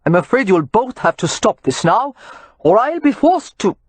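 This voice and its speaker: Lady doing a calm polite young guy, way too reasonable, husky dry audiobook read. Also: fairly low pitch, measured pace, no echo, heavily acted. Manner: excessively reasonable, pleasant and relaxed. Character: calm, unflappable dark-haired young man.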